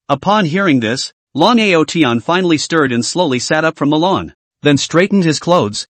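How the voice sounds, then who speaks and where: Man narrating a comic with a lively lilt. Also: on the high side, moderate pace, dry recording. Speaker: story narrator. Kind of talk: scripted narration of a comic recap.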